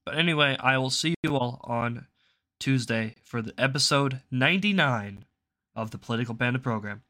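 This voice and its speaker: A young man hosting a political commentary show, ranting angrily and profanely with sudden loud outbursts. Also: medium pitch, expressive, normal speed. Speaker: host.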